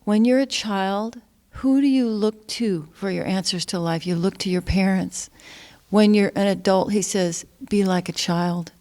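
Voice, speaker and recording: A woman's voice: medium pitch, unhurried, dark tone. A woman in a casual conversation, speaking in a reflective and earnest way. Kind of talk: casual chat.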